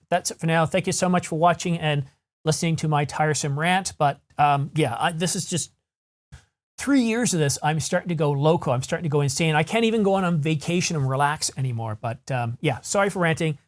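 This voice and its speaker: A man with a voice on the high side speaks briskly as the host of a camera news channel, delivering a solo vlog rant. He sounds frustrated and rambling, correcting himself as he goes.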